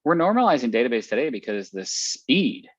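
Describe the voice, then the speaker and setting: A man hosting a casual tech conversation, thinking out loud in a chatty, reflective way and repeating words as he goes. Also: mid-range voice, very animated, fairly quick, dry recording. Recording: dry, dull lo-fi stream audio.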